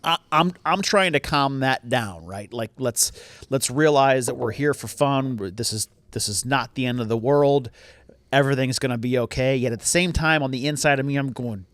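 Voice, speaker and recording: A middle-aged man co-hosting a podcast tells a family story in a candid, self-mocking way, with easy swearing. His voice sits at an ordinary pitch for a man. The sound is dry, with no room echo. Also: normal speed, fairly bright tone. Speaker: podcast co-host. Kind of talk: casual storytelling chat.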